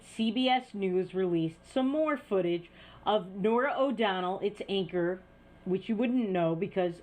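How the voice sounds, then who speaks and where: A woman's voice: mid-range voice, darkish tone. A woman hosting an opinion news show, talking in a scornful, sarcastic way. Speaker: news commentary host. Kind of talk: opinion commentary.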